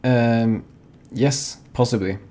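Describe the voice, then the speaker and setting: A man's voice: mid-range voice, steady tone, slow pace, mellow, a little hiss or hum. A young man co-hosting a live gaming show in casual chat, rambling with lots of fillers and restarts. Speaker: co-host of a fan-made live gaming show.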